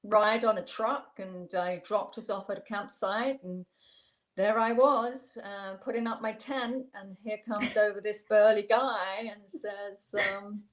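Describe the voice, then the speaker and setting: A woman in her sixties, a guest on an interview, telling an old story with warm amusement and frequent laughter. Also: mid-range voice, fairly even intonation, a little slow.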